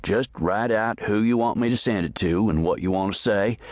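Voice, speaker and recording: A man's voice: fairly low pitch, normal speed, darkish tone, no echo, pitched above the performer's own voice, lightly acted. A man voicing a courteous, helpful male ticket clerk in a western audiobook. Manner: courteous, obliging.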